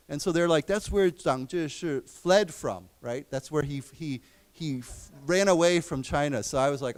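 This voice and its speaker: A man teaching an English class, explaining words slowly and repeating them. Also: a little high, clear, resonant tone. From United States. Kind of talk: lecture. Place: library lecture room.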